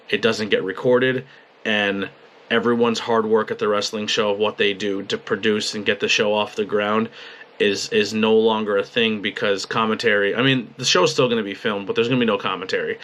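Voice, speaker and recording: A young man talking in a personal video journal, halting and emotional, swearing freely as he rambles about his weekend. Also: lowish voice, fairly bright tone, highs cut off. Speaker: podcast host and wrestling commentator. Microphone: webcam at a desk.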